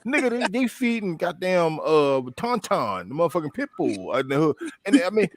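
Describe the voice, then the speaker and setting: A man, hosting a casual podcast chat and telling a lively story, acting out the quotes. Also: moderate pace, dry recording. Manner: animated storytelling, acts out quotes with big pitch jumps. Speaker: podcast host.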